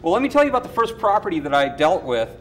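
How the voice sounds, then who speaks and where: A man from a comedy show's cast, telling deadpan stories and acting out the voices of the people in them. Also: sits high, rapid-fire, slight background noise. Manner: deadpan anecdotes, acts out quoted voices. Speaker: cast member of a comedy show. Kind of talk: casual storytelling.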